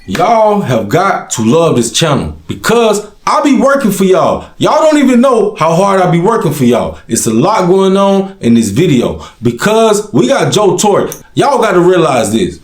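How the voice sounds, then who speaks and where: A high, lively male voice that swoops all over as he talks to his viewers in loose slang. The commentary has the feel of a home channel. The room is roomy and echoey. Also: a little slow, few pauses. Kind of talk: direct-to-camera commentary.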